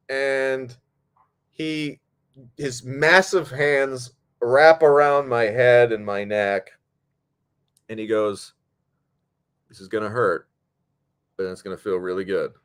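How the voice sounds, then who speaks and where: A man hosting a podcast, spinning a story in loose, casual talk. He is animated and swears freely, and he acts out each person's lines. His voice sits in a middling pitch. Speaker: podcast host.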